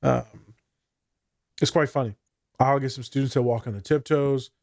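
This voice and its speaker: A man's voice: medium pitch, fairly even intonation, moderate pace, gravelly, a little mellow, no room sound. A man, a teacher, chatting casually on a podcast, laid-back and swearing freely. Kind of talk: casual chat.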